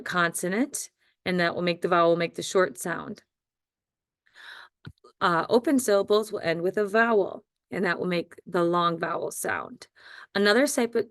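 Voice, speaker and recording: A woman's voice: medium pitch, no room sound, clean studio sound. A woman teaching a recorded phonics lesson to first graders, patient and repeating words with frequent ums and okays.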